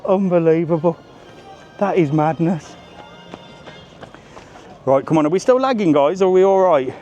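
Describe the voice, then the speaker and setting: A man's voice: a little high, expressive, moderate pace, mellow, soft background music. A man live-streaming a walking tour, talking casually and joking, with the odd swear word. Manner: chatty, jokey, swears casually. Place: outdoors on a busy resort seafront. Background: faint street and traffic noise.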